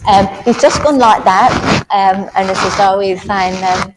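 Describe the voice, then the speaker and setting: A woman working as a medium at a service, relaying spirit messages in a halting way full of ums, in a village hall. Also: mid-range voice, fairly even intonation. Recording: echoey hall, faint background noise.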